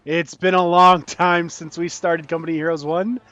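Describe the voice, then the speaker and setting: A man's voice: a little high, level tone, moderate pace, bright, forceful tone, no room sound, dull audio. Man, let's play host, casual joking commentary, game music behind. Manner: chatty, joking.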